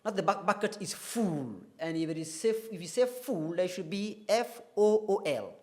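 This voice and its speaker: A man teaching English vowel sounds on a TV lesson, repeating each sound slowly to demonstrate it. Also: high-pitched, expressive, warm tone. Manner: slow, deliberate, repeats sounds to demonstrate them. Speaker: English tutor. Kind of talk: TV phonetics lesson.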